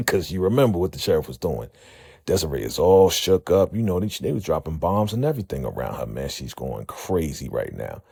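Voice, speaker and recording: A man giving a casual episode recap, an animated storyteller who uses slang. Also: low-pitched, vocal fry, slightly rough, no echo, studio quality. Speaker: TV recap vlogger.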